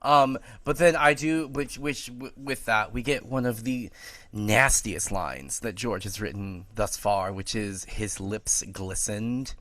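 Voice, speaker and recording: A man's voice: fairly low pitch, slow, sharp tone, no room sound. A man co-hosting a casual book discussion podcast, making wry, laughing asides. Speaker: podcast co-host.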